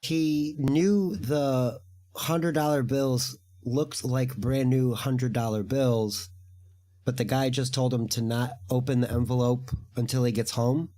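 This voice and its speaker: A man's voice: mid-range voice, steady tone, slow, dark tone. A man co-hosting a casual chat, speaking hesitantly with many fillers and apologies. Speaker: co-host.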